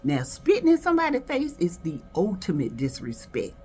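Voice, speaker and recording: A woman's voice: fairly low pitch, huge pitch swings, normal speed, darkish tone, soft background music. A woman from South Carolina giving sassy, gossipy commentary, reviewing skits with dramatic asides. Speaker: video reviewer. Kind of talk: casual commentary.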